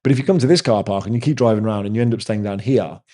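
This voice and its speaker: A man hosts a casual live chat, answering viewers and telling rambling stories like a chatty storyteller. His voice is fairly low and mellow, and he talks at a racing speed.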